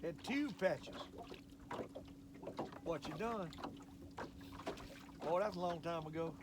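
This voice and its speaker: High-voiced old guy rambling on about fishing from his boat, country drawl. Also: slow, heavy background noise. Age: older. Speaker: fishing show host. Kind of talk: casual fishing vlog monologue. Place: outdoors on a boat on a lake.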